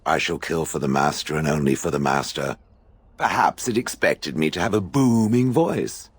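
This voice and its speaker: A deep, husky, sardonic stone golem. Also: male voice, normal speed, no echo, full character voice. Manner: dry, mocking, condescending. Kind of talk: video game dialogue.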